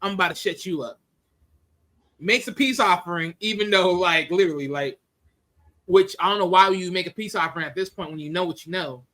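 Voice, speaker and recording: Male movie reviewer, high and bright, casual and animated. Laughs a lot and slips into voices for the scenes. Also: fairly quick.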